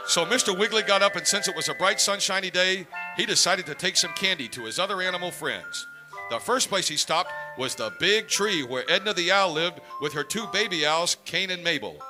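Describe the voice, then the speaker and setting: A man reading a parody children's story in a mock-innocent, deadpan storybook voice in a radio studio. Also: sits high, fairly quick, music in the background. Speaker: comic storyteller.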